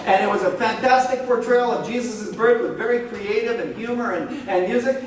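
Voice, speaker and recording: Brief: middle-aged man, light high voice, animated joking speaker, echoey room from far off. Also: moderate pace, background noise. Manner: animated, joking, many "okay?" and "like". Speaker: speaker at a church marriage talk. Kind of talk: relaxed storytelling talk. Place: church hall.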